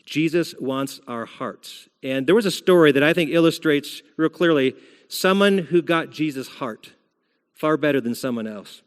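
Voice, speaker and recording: A man's voice: fairly high pitch, moderate pace, clear, resonant tone. Male pastor preaching in a reverberant church. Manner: conversational preaching, retelling scripture as a story. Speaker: senior pastor. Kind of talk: sermon. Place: church sanctuary. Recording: long hall reverb.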